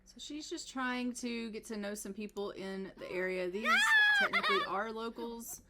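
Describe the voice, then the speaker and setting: A woman's voice: fairly high pitch, big pitch swings, moderate pace, heavy background noise. Woman narrating a life-sim game playfully. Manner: voices both characters' dialogue in a chatty, playful way. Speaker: gameplay narrator. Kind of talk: casual let's-play commentary.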